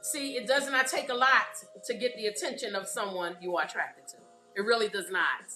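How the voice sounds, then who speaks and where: A woman's voice: fairly high pitch, brisk, pushed and bright, roomy sound, faint music behind. A woman from Brooklyn with a Brooklyn accent, hosting a live stream in a chatty, casual way and often checking in with her audience. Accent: Brooklyn New York. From Brooklyn, New York.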